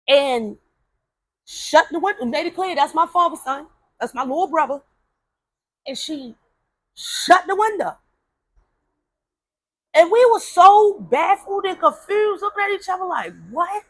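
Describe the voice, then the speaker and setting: A woman telling a personal story in a casual, animated way, acting out the voices of the people she quotes. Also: very high voice, measured pace, long pauses, no echo.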